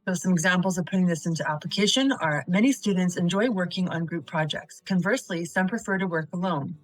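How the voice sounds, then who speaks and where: A woman's voice: on the low side, fast, dry recording, soft background music, rough recording. A woman teaching a recorded video lesson on essay writing, methodically reading example sentences aloud and quizzing the viewer before giving the answers.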